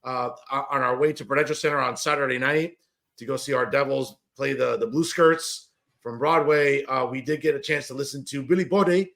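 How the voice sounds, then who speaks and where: A man's voice: mid-range voice, fairly quick, creaky, fairly bright tone. A man co-hosting a wrestling podcast, running through the card in rambling casual chat. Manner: rambling, full of "uh" and "you know". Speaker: podcast co-host.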